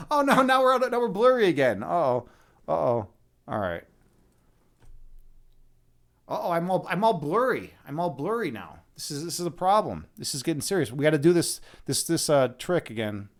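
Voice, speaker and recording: Lively chatty man on a close mic. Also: fairly high pitch, normal speed, long pauses. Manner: chatty, restarts and repeats words; playful, laughs at himself. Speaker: live stream host. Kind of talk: casual chat with viewers. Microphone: close microphone.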